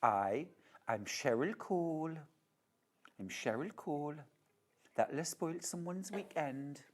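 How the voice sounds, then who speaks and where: Woman presenter voicing a jokey Geordie-accent celebrity send-up, low voice, bouncy pitch. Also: animated, slow pace, full character voice. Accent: put-on Geordie. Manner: hammy, playful, quieter than usual. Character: woman doing a jokey Geordie-accent impression of a pop star.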